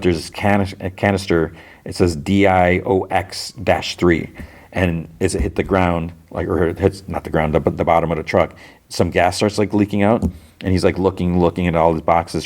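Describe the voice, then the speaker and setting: Casting note: podcast host, low voice, loose rambling recap. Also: male voice, a little mellow. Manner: rambling, filler-heavy storytelling. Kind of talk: casual episode recap.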